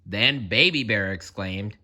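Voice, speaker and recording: A man's voice: lowish voice, takes it slowly, bright, forceful tone. A man narrating a children's read-aloud story, playful and talking straight to the listener. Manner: playful, addresses listener directly.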